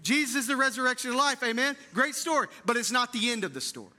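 Fervent high-voiced preacher. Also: male voice, animated, quick pace. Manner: swings from hushed tender lines to loud, fervent preaching; repeats phrases with emphasis, addresses the congregation as church. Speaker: pastor. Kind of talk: Easter sermon. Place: church sanctuary.

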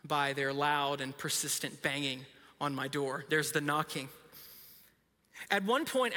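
Preacher, thirties, high crisp voice, chatty anecdotes, echo of a large church hall. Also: male voice, bright, forceful tone. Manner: conversational storytelling with self-deprecating humor. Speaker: pastor. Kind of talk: sermon. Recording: reverberant hall.

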